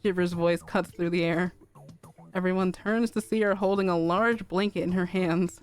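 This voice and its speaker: A young woman streamer narrating a fanfic aloud in a calm, even reading. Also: fairly low pitch, normal speed, soft background music.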